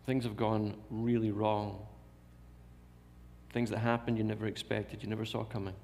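A man's voice: lowish voice, little pitch movement, normal speed, gravelly, dark tone. Man, preacher, sermon, rhetorical questions, repeated phrases, long hall reverb.

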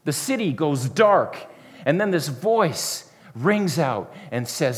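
Casting: male preacher, fairly high voice, earnest sermon delivery with hushed passages, long hall reverb. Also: very animated, slow. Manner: earnest, repetitive, often dropping to a soft hush.

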